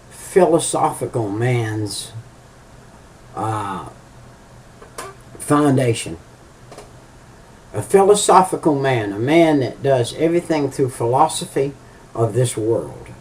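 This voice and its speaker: Guy preaching real slow, stops and restarts a lot, kinda far off the mic. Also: medium pitch, animated, a little mellow. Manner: halting, repeats words, many fillers; emphatic repetition of key phrases. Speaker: lay preacher. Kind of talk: informal preaching.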